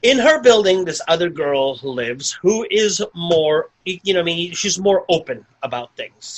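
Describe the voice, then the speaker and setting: A man with a bright, slightly high voice, talking casually through a movie plot on a podcast. He rambles, circles back, and fills his sentences with "like" as he goes. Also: low-quality recording. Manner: rambling, full of "like" and restarts. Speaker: podcast co-host. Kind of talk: casual movie review chat.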